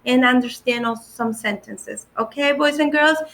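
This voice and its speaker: A woman teaching vocabulary to children, repeating each word slowly and cheering them on in an upbeat way. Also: on the high side, a little hiss or hum. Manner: upbeat, encouraging, talks warmly to children. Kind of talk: slow, repeated vocabulary drill for kids.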